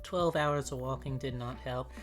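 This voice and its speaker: A woman's voice: rumbling low, normal speed, soft background music. A woman livestreaming who chats casually with her viewers while eating dinner and reads their messages aloud. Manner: relaxed, chats with viewers between bites, reads chat aloud.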